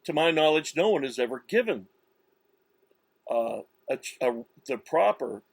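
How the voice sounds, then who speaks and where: A man giving a slow, insistent religious monologue, with many restarts and stressed words. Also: fairly high pitch, breathy edge, no room sound. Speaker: religious commentator. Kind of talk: self-recorded religious monologue.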